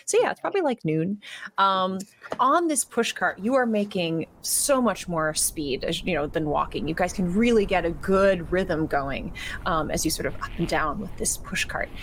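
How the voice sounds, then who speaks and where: A woman who is the game master, telling a tabletop story in a relaxed, chatty way and laughing often. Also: lowish voice, normal speed, a little hiss or hum.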